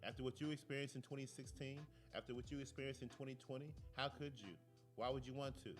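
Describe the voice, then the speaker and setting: A man's voice: mid-range voice, fast talker, music in the background. A man hosting a talk show, ranting and telling stories in a casual, profane, digressive way from a studio. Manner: animated, profane, digressive storytelling. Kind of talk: casual rant and commentary.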